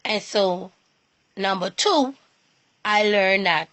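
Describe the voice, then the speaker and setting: An inspirational speaker, a woman with a bright, forceful, fairly high voice, gives an earnest personal talk about faith. She repeats herself often and halts to restart phrases as she goes.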